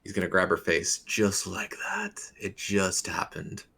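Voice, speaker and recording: A man playing a dwarf cleric in a tabletop game, speaking flatly and heavily in and out of character. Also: deep voice. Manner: slow, flat, gravelly delivery. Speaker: player.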